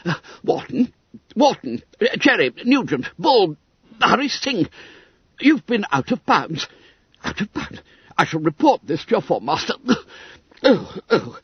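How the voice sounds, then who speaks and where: A man's voice: fairly high pitch, sing-song, moderate pace, husky, no echo, voice pushed up, exaggerated voice. A man putting on a prim, stammering little school secretary. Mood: indignant. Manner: pompous, flustered, stammering. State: breathless. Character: small, fussy, prim middle-aged male school secretary. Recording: dull, dry audiobook recording.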